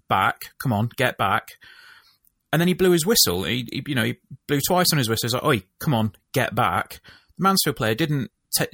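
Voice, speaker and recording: Male podcast co-host, low voice, dry close sound, animated and exasperated. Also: no echo. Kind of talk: casual football chat.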